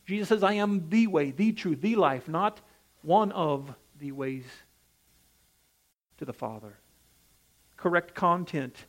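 This preacher's voice is a little high and expressive; he speaks slowly and pauses often. His sermon follows an emphatic cadence that rises and falls, with frequent direct questions to the congregation.

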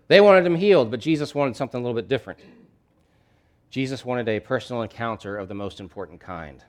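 A man preaching a sermon in a conversational, emphatic way, with asides and frequent restarts. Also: medium pitch. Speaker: pastor.

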